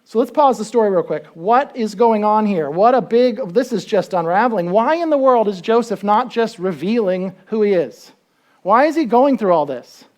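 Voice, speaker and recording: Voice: mid-range voice, normal speed. A pastor giving a sermon in a conversational way, asking the listeners questions and acting out the story as it goes. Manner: animated storytelling, acts out quotes.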